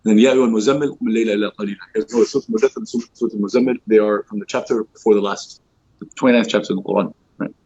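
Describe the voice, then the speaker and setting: The recording is dull and lo-fi: a man with a husky, somewhat low voice races through an informal religious lesson for youth in a mosque hall. Teaching a youth halaqah, he leans heavily on "you know" and "like" and voices quoted speech in animated ways.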